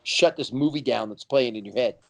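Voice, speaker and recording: A man's voice: mid-range voice, a little fast, a bit bright. A man hosting a podcast, asking a guest casual, rambling questions. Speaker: podcast host. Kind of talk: podcast interview.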